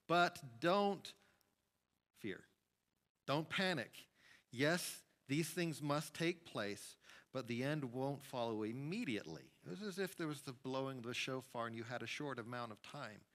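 A man preaching a sermon as pastor, emphatic, with sudden rises and hushed drops. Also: mid-range voice, lively intonation, moderate pace. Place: church sanctuary.

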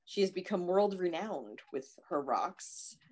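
A woman's voice: fairly low pitch, sing-song, measured pace, a little mellow, husky. A woman in her forties co-hosting a casual chat, laughing often as she talks. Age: 40s. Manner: giggly, chatty. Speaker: co-host.

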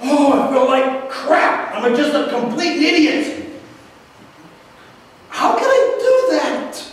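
Preacher doing peter wailing high and loud, remorseful guy kicking himself, echoey hall from back of the room. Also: sing-song, slow pace, far from the mic, exaggerated voice. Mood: anguished. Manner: high strained self-reproaching outcries. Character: anguished apostle man, remorseful, crying out.

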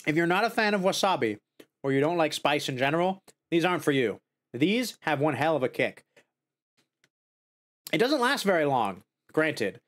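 On his casual snack-tasting stream, a man talks at normal speed with long pauses. He's excitable, shooting up to high squeals of joy and dismay before murmuring as he savors.

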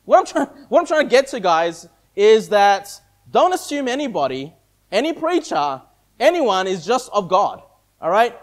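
A man's voice: sits high, very animated, normal speed. A male pastor preaching a sermon in a conversational way, often checking in with his listeners. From Australia. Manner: conversational preaching, frequent "okay?" and "all right?" check-ins.

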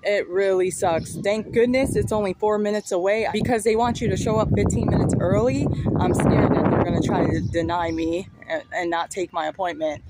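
A woman's voice: mid-range voice, fairly even intonation, brisk, hardly any pauses. A woman vlogger talking straight to her viewers, chatty and rambling, recorded outdoors on a phone. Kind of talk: casual vlog talk to camera. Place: outdoors by a street and train station. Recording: outdoor street noise and passing vehicles.

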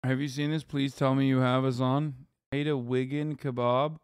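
A man's voice: medium pitch, flat delivery, moderate pace, smooth, no room sound. Profane, incredulous streaming man, dry sound. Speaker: streamer reacting to videos. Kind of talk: casual live-stream commentary.

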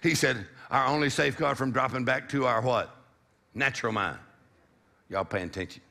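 A man's voice: mid-range voice, moderate pace, vocal fry, sharp tone. A middle-aged man preaching a sermon, exhorting the congregation with call-and-response and a repeated "come on".

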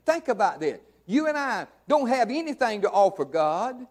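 In a church sanctuary, a middle-aged pastor delivers a folksy, emphatic sermon, repeating phrases for effect. His voice sits high and sounds expressive, moving fairly quickly with few pauses.

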